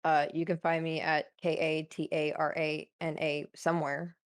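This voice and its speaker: A streamer in her twenties speaking in a low, smooth, fairly flat voice. She jokes about herself with dry, wry humor. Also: normal speed. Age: 20s. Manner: wry and self-deprecating. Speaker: streamer guest. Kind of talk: casual chat.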